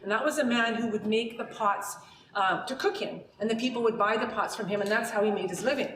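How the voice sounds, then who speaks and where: A woman storyteller spins a folk tale for children with a lively, conversational lilt and a fairly high voice. She sounds far from the microphone, and the room adds a roomy echo with faint ambience behind her. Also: a little fast, a little hiss or hum. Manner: lively, conversational, uses asides to the listeners. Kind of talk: oral storytelling for children and families. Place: community centre room before a live audience. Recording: roomy hall recording from a distance.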